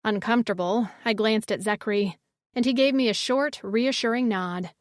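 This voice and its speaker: A woman narrating a first-person fantasy audiobook in a measured storytelling manner. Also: a little high, no echo, studio quality.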